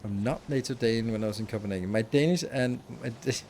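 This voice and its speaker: A man's voice: mid-range voice, fast, darkish tone. A man streaming a factory-building game, giving rambling, chatty commentary with the odd swear and laugh. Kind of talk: casual gameplay commentary.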